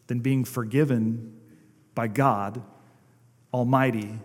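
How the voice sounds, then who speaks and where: A male pastor delivering a sermon, moving between emphatic exclamations and hushed, slowed-down phrases to stress his points. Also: fairly high pitch, lively intonation, big-room sound. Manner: dynamic preaching, swings from emphatic to hushed, slows for emphasis.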